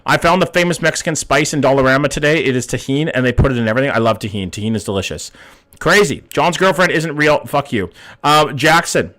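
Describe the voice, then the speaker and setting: A man's voice: medium pitch, a little fast, a bit bright. Swearing, chatty young male streamer. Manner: chatty, swears often, asks chat questions. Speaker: livestream host reading chat. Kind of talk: casual live-stream chat.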